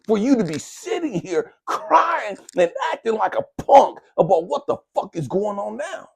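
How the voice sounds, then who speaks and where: A spiritual coach tears into his listeners in a fierce, profane motivational monologue. His voice is raspy, his pitch swings widely, and he scolds like a preacher. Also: big pitch swings, moderate pace.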